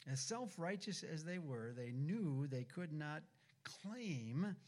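Man preaching, slow and measured, somewhat high voice, reflective. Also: animated, a little mellow. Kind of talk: sermon.

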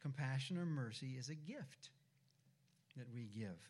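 A man preaching a sermon in a deliberate, reflective manner. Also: mid-range voice, expressive, a little mellow.

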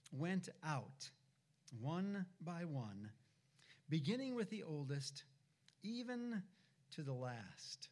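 A man preaching a sermon in a deliberate, reflective manner. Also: fairly high pitch, a little mellow.

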